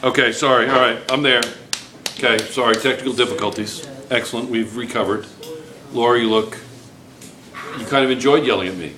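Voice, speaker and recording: A man teaching a chemistry class in a playful, teasing way, talking loudly to the room. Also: mid-range voice, brisk, crowd noise. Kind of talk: joking classroom review.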